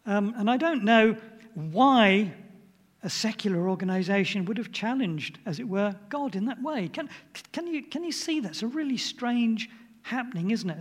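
A man's voice: high voice, lively intonation, moderate pace, big-room sound. An older man giving an informal sermon in a chatty way, often putting questions to his listeners. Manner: chatty, asks the audience questions. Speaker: preacher.

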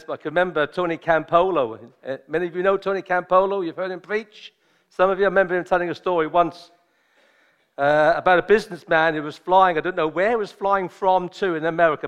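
A man preaching a sermon, joking and chatty with his congregation at first, then slow and solemn. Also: sits high, clean tone. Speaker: visiting preacher.

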